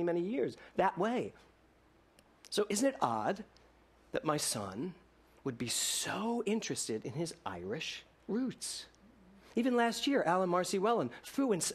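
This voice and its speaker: A male minister with a high voice preaches to his congregation in a lively storytelling style, mixing in laughter and rhetorical questions.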